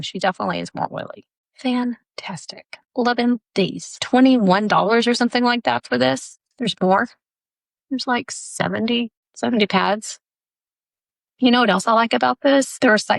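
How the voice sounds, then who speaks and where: A woman's voice: mid-range voice, vocal fry, dry recording. A woman in her forties, an esthetician, chatting through a casual tutorial in her home bathroom and repeating her instructions emphatically.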